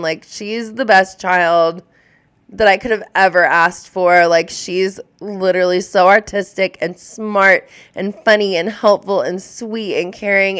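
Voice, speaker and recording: A woman's voice: medium pitch, clear, resonant tone. A woman in her thirties chatting casually on a live stream, rambling and openly emotional, with lots of filler words. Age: 30s. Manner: warm and openly emotional toward viewers. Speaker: live streamer answering viewer questions.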